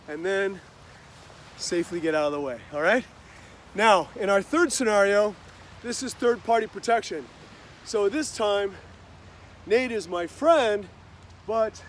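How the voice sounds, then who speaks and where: Man, high-pitched, martial arts instructor, calm upbeat explanations, outdoors. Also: a little hiss or hum. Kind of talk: instructional talk with demonstration.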